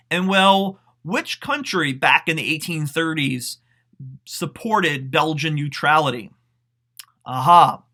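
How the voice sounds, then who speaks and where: A man teaching a high school history class online, explaining in a casual, conversational way with fillers and questions to his students. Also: pushed and bright. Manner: casual, conversational explaining with frequent "um" and "you know".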